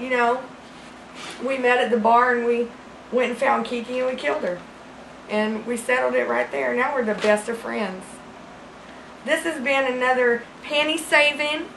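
A woman playing a crude, rambling small-town woman who hosts a deadpan comedy segment about ad deals, with a gravelly voice. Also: on the high side, slight background noise. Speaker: comedy sketch host character. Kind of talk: deadpan comic monologue. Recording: roomy echo.

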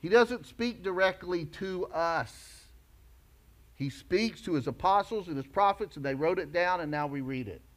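A male pastor preaching a sermon emphatically, rising to loud declarations and dropping low. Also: lively intonation, a little slow.

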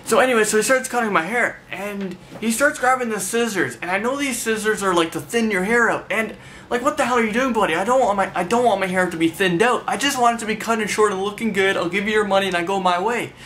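A man's voice: sits high, fast talker, bright, forceful tone, a little hiss or hum. A man vlogging an angry, profane, rambling rant straight to the camera. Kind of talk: ranting storytelling to camera.

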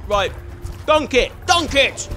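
Man, very high voice, excitable let's play commentary, game music behind. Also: slow. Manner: excitable, chatty, swears mildly, talks to the game character. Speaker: gamer.

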